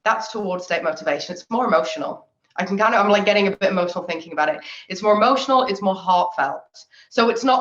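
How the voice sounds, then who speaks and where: A woman, giving a chatty, lively online workshop talk on confidence and laughing often. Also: medium pitch, fast. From England. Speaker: confidence trainer. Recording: echoey, dull lo-fi audio.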